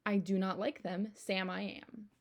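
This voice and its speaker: A woman's voice: mid-range voice, flat delivery, a little slow, pitched below the performer's own voice, close to an everyday voice. A woman voicing a stubborn, grumpy male picky eater who turns food down again and again with heavy emphasis. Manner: emphatic, repetitive refusals.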